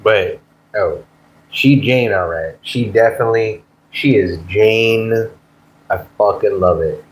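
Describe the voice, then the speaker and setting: Low-voiced rambling streamer guy. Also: takes it slowly. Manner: rambling, stammering, swears freely. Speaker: livestream host. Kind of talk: casual chat with stream viewers.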